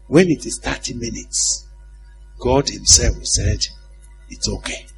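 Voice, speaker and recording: A man's voice: mid-range voice, lively intonation, takes it slowly, vocal fry, faint music behind. A male preacher giving a conversational sermon, often putting questions to his congregation and laughing at his own stories.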